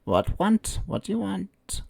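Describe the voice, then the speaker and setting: A man voicing a masked rag-covered creature trader, speaking in a quiet, crackly, hoarse voice in broken, clipped phrases. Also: sits high, sing-song, voice pushed up, exaggerated voice. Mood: cryptic. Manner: broken clipped speech, slow. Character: ragged shawl creature trader, masked, cryptic.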